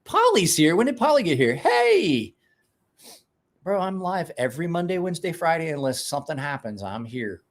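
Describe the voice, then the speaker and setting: A man's voice: a little high, wildly swooping pitch, moderate pace. A man chatting casually on a live stream, rambling, restarting words, and talking to his dog in between.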